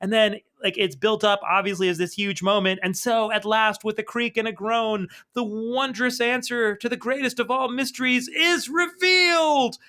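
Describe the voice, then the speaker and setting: A man co-hosting a podcast, excitedly retelling a comic book and laughing often. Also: extremely high pitch, normal speed, few pauses. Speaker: podcast co-host. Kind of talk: casual comic-book discussion.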